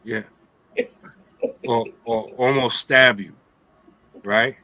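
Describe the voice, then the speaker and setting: A man's voice: mid-range voice, fairly even intonation, drawn-out words, pushed and bright, no echo, rough recording. A middle-aged man hosting a casual religious talk, streetwise and joking, often asking "right?". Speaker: host of an Islamic talk show.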